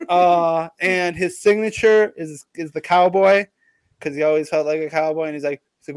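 A man's voice: high-pitched, normal speed, darkish tone, clean tone, dry recording. A man in casual comedic chat, rambling through a made-up story with lots of swearing and hype. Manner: rambling, profane, hyped storytelling.

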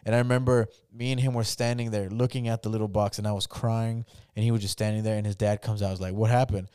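Fast-talking young man, casual podcast host. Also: fairly low pitch, flat delivery, mellow, clean tone, dry recording, clean studio sound. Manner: loose, profane storytelling. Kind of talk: casual chat.

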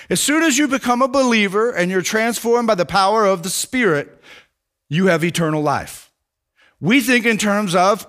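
A man's voice: high voice, expressive, moderate pace, a bit bright. A middle-aged male pastor preaching a sermon in an earnest, emphatic way, rising and dropping for stress.

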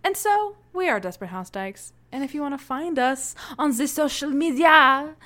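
A woman co-hosting a podcast in casual chat, excitable and laughing often, swearing freely. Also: sits high, moderate pace. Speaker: podcast co-host.

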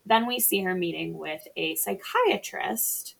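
A woman's voice: mid-range voice, expressive, measured pace, gravelly, a bit bright, slightly rough. A woman casually recapping a film on a podcast, chatty and sarcastic, swearing freely. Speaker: podcast co-host or guest. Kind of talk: casual movie recap chat.

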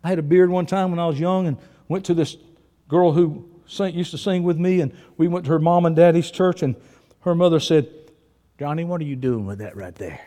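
An older man preaching a sermon in a folksy, storytelling manner, swinging between shouts and low asides. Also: steady tone, fairly quick, big-room sound.

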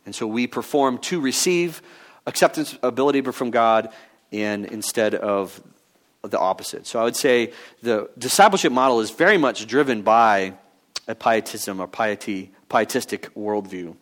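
A man preaching a sermon in a conversational teaching style, pausing with fillers and restarts as he works through his points. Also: lowish voice, animated, a bit bright. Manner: mock-voices other views in quoted asides. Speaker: pastor.

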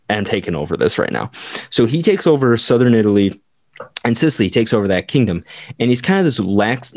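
Low-voiced man rambling through history. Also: a little mellow, no room sound, clean studio sound. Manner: rambling, full of "like", acts out quotes. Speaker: podcast co-host. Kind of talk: casual history storytelling.

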